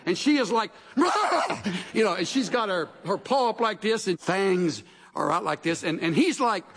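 A man delivering a sermon with a husky, slightly breathy tone and a voice that swings up and down with lively expression. He sits a little above the usual pitch for a man. His words ring out with a long reverb in a large hall. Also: moderate pace. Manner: animated storytelling, acts out scripture voices. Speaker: pastor.

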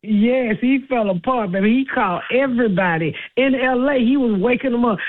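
A woman's voice: on the high side, a little fast. A woman in her fifties, a comedian guest, telling stories with frequent laughs and stumbling repeats. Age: 50s. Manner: laughs often, repeats words. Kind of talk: casual interview storytelling. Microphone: phone call. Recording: tinny phone line.

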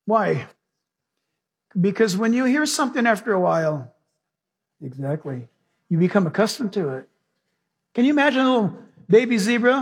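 A male pastor preaching a sermon with animated storytelling, acting out the characters in his stories. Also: high voice, moderate pace, gravelly, breathy edge.

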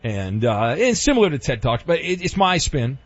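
A man's voice: medium pitch, very animated, moderate pace, no echo, highs cut off. A middle-aged man hosting a call-in sports talk radio show, joking and teasing callers with playful bluster.

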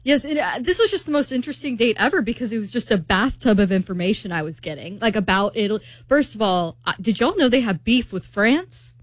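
A woman's voice: mid-range voice, expressive, fast, few pauses, no echo. A woman, chatting and giggling as a morning radio co-host.

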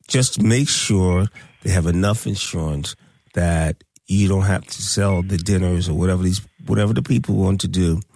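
A man's voice: sits low, gravelly, darkish tone, dry recording. A man hosting a radio talk show, speaking in a preachy, emphatic way and repeating his points.

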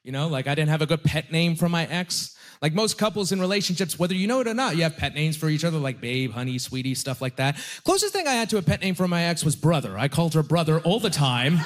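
A man's voice: fairly high pitch, animated, fast, hardly any pauses. A young man doing a stand-up comedy set on a club stage, telling self-deprecating stories in a conversational way.

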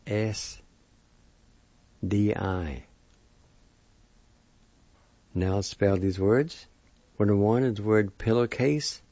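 A man slowly teaching the spelling and pronunciation of new words, repeating each syllable with care. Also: fairly low pitch, vocal fry, a little mellow, dry recording. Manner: slow, deliberate, repeats syllables carefully. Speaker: language teacher. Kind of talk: slow spelling and pronunciation lesson. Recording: dull lo-fi sound.

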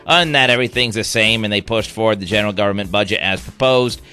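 A man reading the news and chatting on air as a radio news anchor, with a steady newsreader delivery. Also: fairly low pitch, fast talker, smooth, soft background music. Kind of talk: radio newscast and on-air chat. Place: radio studio. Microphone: studio microphone.

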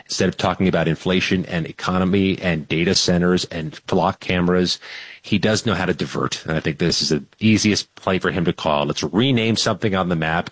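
Deep-voiced man with measured commentary. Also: husky, no echo, rough recording. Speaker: regular weekly guest commentator. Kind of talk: political commentary on radio.

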